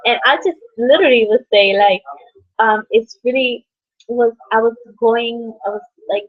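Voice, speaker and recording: A young woman vlogging about her life and her book in a halting, rambling way, full of fillers and restarts. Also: a little high. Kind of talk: rambling personal vlog. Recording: dull lo-fi audio.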